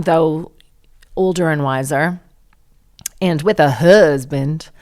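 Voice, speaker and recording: Woman podcast host, low pitched, chatty, irreverent, forties. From Canada. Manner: chatty, irreverent, quick asides. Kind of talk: casual storytelling monologue.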